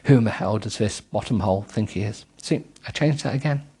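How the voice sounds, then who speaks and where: A man's voice: fairly low pitch, fairly quick, warm tone, husky. A middle-aged man reading a book aloud with comic asides, giggling and stumbling over words.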